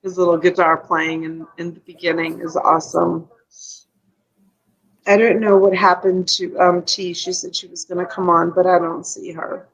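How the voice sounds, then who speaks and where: A woman's voice: on the low side, flat delivery, normal speed, lo-fi sound. A woman hosting a casual live stream, emotional and tearful, rambling and reading out viewer comments.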